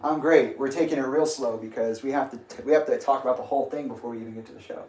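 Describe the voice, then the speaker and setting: A man's voice: mid-range voice, rapid-fire, darkish tone, a little hiss or hum. A young man hosting a casual livestream, rambling and grumpy, laughing often. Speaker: livestream host. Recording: echoey room.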